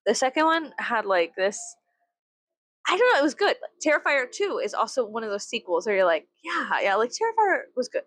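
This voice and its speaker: A woman's voice: fairly high pitch, very animated, brisk, a bit bright, dry recording. A young adult woman from the United States vlogging in a casual, rambling way, swearing freely and leaning on "like" as filler. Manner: rambling, profane, filler-heavy with frequent "like". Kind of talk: casual chat to camera.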